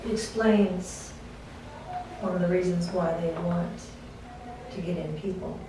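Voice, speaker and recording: Soft-spoken woman in an echoey room. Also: fairly low pitch, fairly even intonation, measured pace. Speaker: class member. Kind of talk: classroom discussion. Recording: echoey room, far from mic, faint noise.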